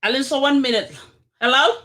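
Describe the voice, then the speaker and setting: A Gambian-accented host opening a live-streamed talk show, excitedly welcoming viewers over and over and mixing English with a local language. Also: sits high, brisk. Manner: excited, hyping, repeats welcomes.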